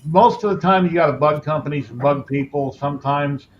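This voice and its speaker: A man's voice: fairly high pitch, brisk, lo-fi sound, slight background noise. A man hosting a casual podcast chat, explaining technical gear in a matter-of-fact way. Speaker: podcast host.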